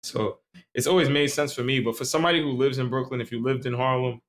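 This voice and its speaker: A man's voice: mid-range voice, steady tone, quick pace, a little hiss or hum. A tipsy young man from Staten Island, co-hosting a podcast in loose, rambling casual chat full of slang and swearing. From Staten Island, New York. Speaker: podcast co-host.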